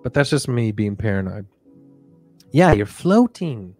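Soft-spoken rambling man. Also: fairly low pitch, very animated, a little slow, faint music behind. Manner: soft, drifting, rambling, jokey asides. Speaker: podcast host. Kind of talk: comic sleep-story monologue.

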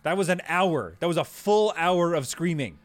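A man's voice: fairly high pitch, expressive, moderate pace, no echo. A man performing a comedy sketch as a bumbling, apologetic ghost, often exasperated.

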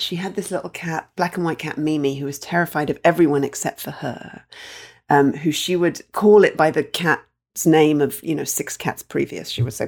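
A woman's voice: deep voice, fairly quick, vocal fry, a little mellow, slightly rough. A woman telling a personal family story in a candid, wry, conversational way.

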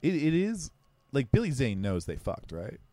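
A young adult man co-hosting a podcast, talking through a film in rambling, self-deprecating casual commentary, quick and slurred, restarting his sentences. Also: medium pitch, wildly swooping pitch, dark tone. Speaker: podcast co-host. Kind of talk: casual movie-watching commentary.

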